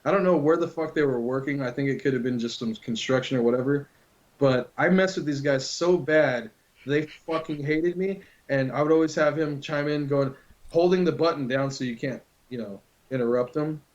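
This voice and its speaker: A man's voice: mid-range voice, normal speed. A man casually telling a long prank story to a friend, loose and full of swearing. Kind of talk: casual chat. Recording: dull lo-fi recording.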